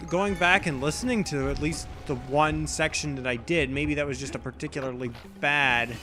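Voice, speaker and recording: A man's voice: fairly high pitch, normal speed. A young man giving casual, rambling let's play commentary, often correcting himself as he thinks aloud. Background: game music.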